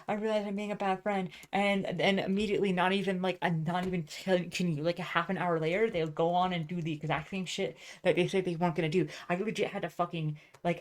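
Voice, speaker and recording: A woman venting in a casual, profane monologue, rambling with many fillers and restarts. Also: fairly low pitch. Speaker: vlogger.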